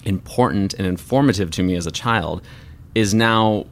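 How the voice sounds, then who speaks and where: Deep-voiced man telling an earnest story. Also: moderate pace. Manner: earnest, reflective, openly emotional. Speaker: voice actor and artist guest. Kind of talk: personal storytelling in an interview.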